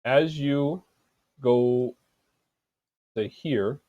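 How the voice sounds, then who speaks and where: Male game master, halting delivery full of fillers, warm dark tone, dry. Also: mid-range voice, no room sound, highs cut off. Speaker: dungeon master. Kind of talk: narrating a tabletop game.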